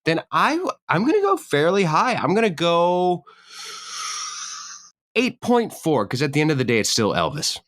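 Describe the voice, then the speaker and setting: Lively, playful man on a podcast. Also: on the high side, normal speed. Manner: playful, teasing. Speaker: podcast co-host. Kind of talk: casual chat.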